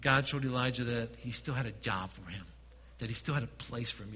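A man preaching a sermon as pastor, dropping to quiet asides and swelling to emphatic points. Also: mid-range voice, a little fast, long reverb tail, lo-fi sound, a little hiss or hum.

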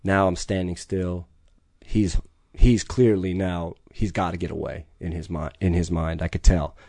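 Middle-aged man; low, mellow voice; intense, profane, urgent storyteller; dry recording. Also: steady tone, a little slow, no echo. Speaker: podcast guest. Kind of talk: storytelling in conversation.

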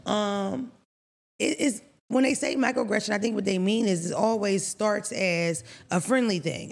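A woman co-hosting a podcast, telling a story in a blunt, profane, animated way. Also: mid-range voice, unhurried, gravelly. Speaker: podcast co-host.

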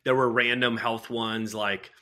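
A man, a guest author and culture consultant, telling anecdotes in an animated, casual interview. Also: medium pitch, a little slow.

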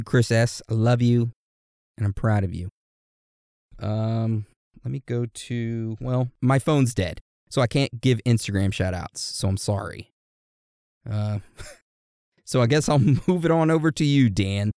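A man co-hosting a podcast in casual chat, playfully reading out listener messages and birthday shout-outs. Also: medium pitch, a little slow, smooth, no room sound, studio quality. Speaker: podcast co-host.

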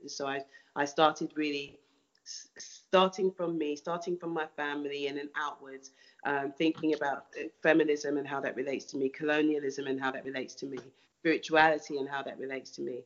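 A woman's voice: deep voice, dull audio. A woman artist answering interview questions thoughtfully, often restarting and repeating words.

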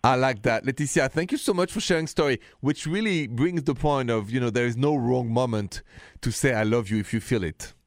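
A man's voice: medium pitch, a little fast, no echo, clean studio sound. A man, hosting a late-night radio call-in show and confiding about his own dating life. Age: 50s. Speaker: radio host.

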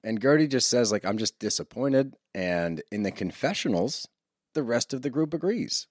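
Ranting, profane man with a lively voice. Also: mid-range voice, normal speed, no room sound, studio quality. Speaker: podcast co-host. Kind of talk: heated casual recap chat.

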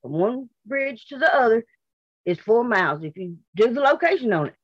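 Southern woman telling it straight, blunt and fired up, higher voice, kinda muffled dry audio. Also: big pitch swings, normal speed, dry recording. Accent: Southern US, Mississippi. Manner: blunt, indignant, repeats herself. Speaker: mother of a missing woman. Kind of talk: emotional interview testimony.

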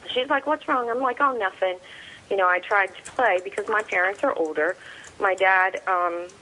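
A middle-aged woman being interviewed, telling a personal story in a halting way and retelling dialogue with many fillers. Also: mid-range voice, pushed and bright, slight background noise, low-quality recording. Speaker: interview guest, soldier's mother.

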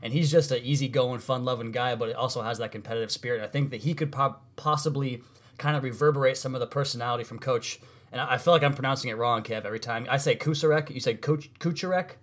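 Fast-talking male sports podcast host. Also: medium pitch, steady tone, a bit bright. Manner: fast, conversational, self-correcting. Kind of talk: casual sports podcast chat.

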